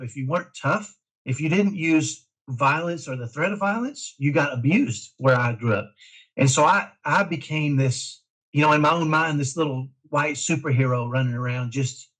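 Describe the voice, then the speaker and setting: A middle-aged man from Dallas, a parent guest talking in an emphatic, energetic way in a casual interview. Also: medium pitch, rough recording. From Dallas, Texas. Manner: energetic, emphatic, self-described type A.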